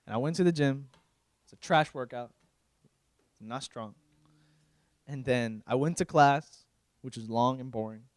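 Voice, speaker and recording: A young male pastor preaching a casual, emotional sermon, moving from loud pleading to quiet confiding, with slang in his talk. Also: mid-range voice, a little slow, long pauses, no echo. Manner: casual, uses slang like bro.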